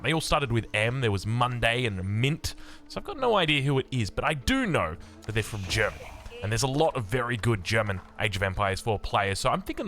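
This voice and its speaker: An Australian man casting a strategy game in upbeat, chatty commentary, his voice a little raspy from being sick. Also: mid-range voice, bright, forceful tone. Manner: upbeat and chatty, with many fillers and restarts. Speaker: game caster.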